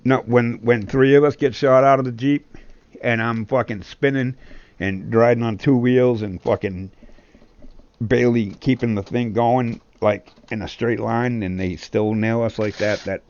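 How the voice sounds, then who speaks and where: A man's voice: medium pitch, steady tone, a little slow, a little mellow, no echo, dull audio. A man chatting with teammates during an online game, swearing a lot and complaining about cheaters. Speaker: gamer on a co-stream. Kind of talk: casual game chat with teammates.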